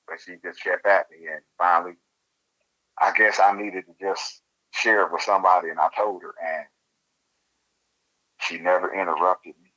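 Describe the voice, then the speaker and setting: A man, his voice very low yet bright and forceful. He tells a personal story as an interview guest and acts out the conversations in a Southern vernacular. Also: steady tone, normal speed, pauses often, rough recording. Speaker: guest sharing an encounter.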